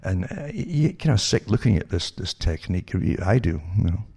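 Reading news pieces to his listeners, a man with a deep, gravelly, husky voice rambles briskly with lively intonation. He repeatedly stops, starts over, and fires rhetorical questions at the people tuning in.

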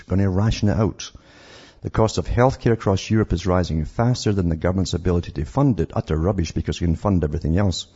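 A very deep, gravelly male radio host rants in an indignant, rambling way, stumbling over repeated words. His husky, mellow voice comes through a dull, lo-fi radio recording. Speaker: radio talk show host. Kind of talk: call-in radio commentary.

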